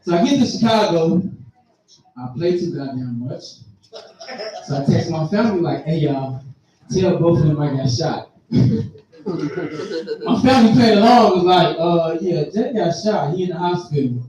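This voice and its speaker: A man's voice: a little high, moderate pace, long pauses, highs cut off. A man telling profane stories in a stand-up comedy set, laughing as he goes. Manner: animated, profane, laughing through his own stories. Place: live comedy venue on stage. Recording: echoey venue, distant mic, crowd noise. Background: audience reacting.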